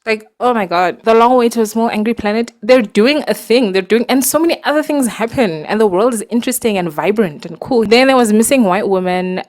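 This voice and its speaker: A woman talking casually about books to her viewers, animated and exasperated, with lots of fillers and laughs, recorded in a dark room at night. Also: mid-range voice. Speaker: booktuber. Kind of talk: casual ranting book review.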